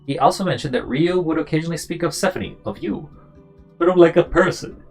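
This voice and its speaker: A streamer voicing an earnest young man looking into his grandmother's past, read briskly and plainly from game dialogue. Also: medium pitch, vocal fry, faint music behind, natural voice. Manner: brisk, flat dialogue reading. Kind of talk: reading game dialogue aloud.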